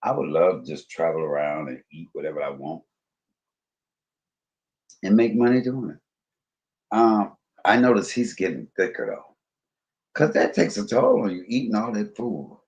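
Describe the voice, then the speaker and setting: A man hosts a stream in a very low voice that still rises and falls a lot. He muses aloud with plenty of "um"s while browsing clips. His delivery is loose and conversational. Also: animated, unhurried, pauses often, darkish tone, lo-fi sound. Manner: musing, chatty, filler-heavy. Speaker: stream host. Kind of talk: casual commentary while browsing videos.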